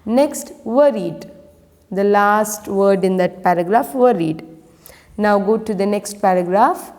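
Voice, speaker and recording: A woman's voice: mid-range voice, darkish tone. A woman teacher giving an online lesson, asking her class questions. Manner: asks the class many questions, slow and clear. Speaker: primary school English teacher. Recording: echoey room with long reverb.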